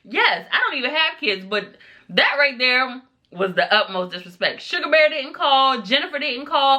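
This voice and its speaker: Chatty woman recapping a show, bright voice. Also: sits high, moderate pace. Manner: chatty, animated retelling with quoted voices. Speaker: TV episode reviewer. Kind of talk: casual recap vlog.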